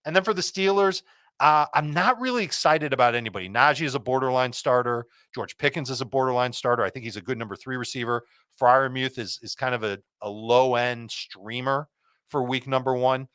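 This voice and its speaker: A man with a mid-range voice rattles off fantasy football picks in a confident, quick-fire way. The recording is close and dry, with no room sound. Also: medium pitch, fairly bright tone, smooth, no echo. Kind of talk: quick start-sit advice.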